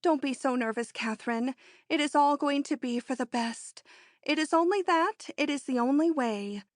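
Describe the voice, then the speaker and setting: A woman reading an audiobook, voicing a bold, excitable rich young woman in an eager, emphatic way. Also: moderate pace, no echo, studio quality, lightly acted. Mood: confident. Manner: eager, emphatic, high-strung.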